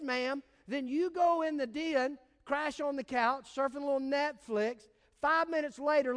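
High-voiced preaching man in a hall. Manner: emphatic, repeats key points, storytelling. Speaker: pastor. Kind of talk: sermon. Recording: long hall reverb.

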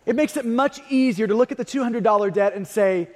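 A man preaching a sermon, emphatic, repeating key phrases and swinging between loud and hushed. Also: high voice, a little fast. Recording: long hall reverb.

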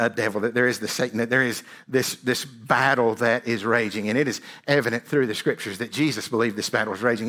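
A man's voice: mid-range voice, fairly bright tone. A man preaching a sermon as a pastor, in a conversational style, often asking "right?" and repeating words as he builds a point.

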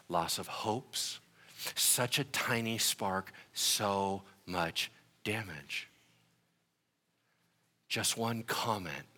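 A man's voice: fairly low pitch, sharp tone, big-room sound. A young adult man preaching a conversational sermon that builds to passionate emphasis. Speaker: pastor.

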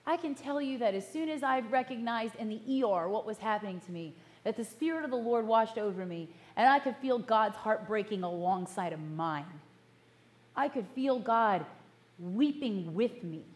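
A middle-aged woman pastor giving a sermon in an earnest, measured way, slowing down to stress key words. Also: on the high side, expressive. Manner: earnest, measured, slows for emphasis.

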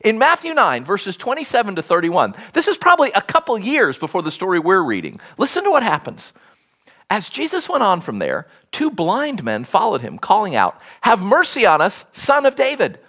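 A preacher delivering a sermon, telling stories in an animated way and acting out quoted speech. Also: medium pitch, normal speed.

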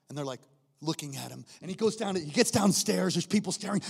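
A high-pitched male preacher delivering an animated sermon, acting out the people in his stories. He drops to hushed asides, then climbs to shouts, and a long hall reverb trails every line. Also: fast talker, vocal fry, slightly rough. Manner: animated storytelling, acts out characters, shifts between quiet asides and shouting.

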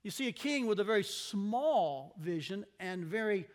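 A man's voice: high-pitched, expressive, normal speed. A man preaching a conversational sermon, telling a Bible story expressively and acting out the people in it.

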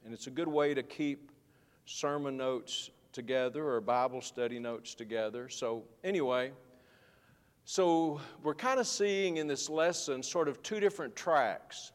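A man's voice: medium pitch, a little slow, big-room sound. A man teaching a Bible study lesson to his class, folksy and rambling, often restarting his sentences. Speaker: Sunday school teacher.

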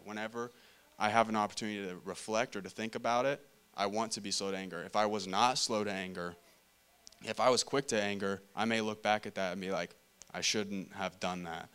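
Reading scripture aloud in a church meeting room, a man preaches a casual sermon and talks through the passage conversationally, often repeating and restarting his phrases. His fairly low voice is smooth and a bit bright, with fairly even intonation and a slightly fast pace.

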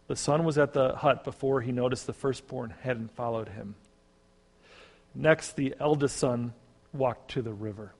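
A man, a pastor, narrating a parable in a measured storytelling sermon. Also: mid-range voice, breathy edge. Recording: long reverb.

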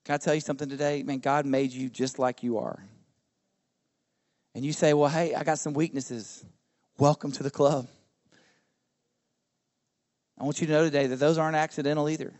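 A middle-aged man, a pastor preaching a sermon in a relaxed, conversational way, often asking the congregation questions. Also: fairly high pitch, fast talker. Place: church service.

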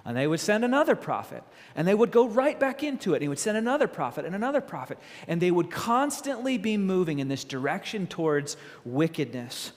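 A man preaching a sermon as a pastor, animated and full of rhetorical questions. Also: high-pitched, fairly quick, hardly any pauses, big-room sound.

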